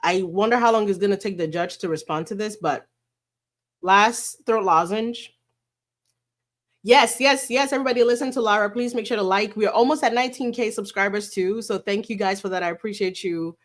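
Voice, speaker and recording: A woman's voice: medium pitch, brisk. Blunt, chatty woman livestreamer. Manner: chatty, blunt, swears freely, mixes in Spanish endearments. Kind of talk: casual livestream chat with viewers.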